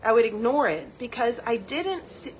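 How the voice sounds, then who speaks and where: A woman's voice: on the high side, lively intonation, normal speed, a little hiss or hum. A woman giving a motivational teaching talk as a wellness coach, earnest and personal, often repeating words as she thinks.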